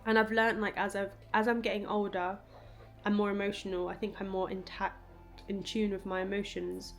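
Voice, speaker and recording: A woman's voice: medium pitch, moderate pace. Young female vlogger, casual and heartfelt, talking at home over a running washing machine and faint music. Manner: animated, emotional, lots of fillers like "like" and "I don't know". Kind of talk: casual chatty vlog talk.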